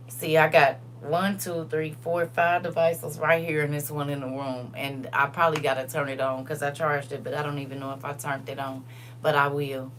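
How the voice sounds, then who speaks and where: Low-voiced woman hosting a casual livestream. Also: bright, forceful tone, a little hiss or hum. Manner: reads verses slowly and deliberately; chatty, addresses viewers directly. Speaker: livestream host. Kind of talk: casual livestream chat with scripture reading.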